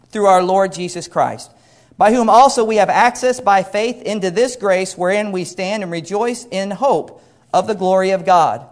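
A middle-aged man preaching a sermon, earnest and repeating phrases for emphasis while quoting scripture at length. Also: sits high. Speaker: pastor.

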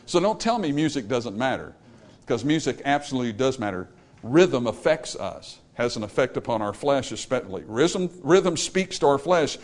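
A man preaching a sermon, talking straight to his listeners with emphasis, and sometimes singing a short phrase as an example. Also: medium pitch. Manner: emphatic, talks straight to the congregation. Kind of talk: sermon on music.

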